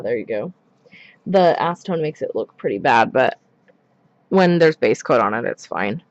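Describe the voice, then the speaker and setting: A woman's voice: sits low, dry recording, lo-fi sound. A woman chatting casually on a live stream while she paints her nails, rambling with many asides. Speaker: nail art streamer.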